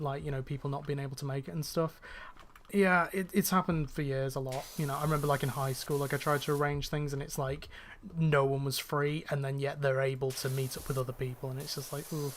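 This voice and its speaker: Speaking a little fast in a fairly high, flat voice, a young gaming host from northwest England keeps up a rambling, chatty commentary as he plays. His northern accent is faint and fairly neutral, he restarts often and uses lots of fillers, and there's slight background noise.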